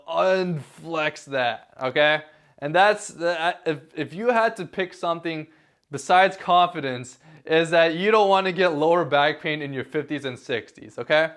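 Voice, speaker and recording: A man's voice: fairly high pitch, a bit bright. Laid-back young man talking to camera. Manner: laid-back, filler-heavy, repeats words. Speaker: vlogger. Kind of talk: casual talk to camera.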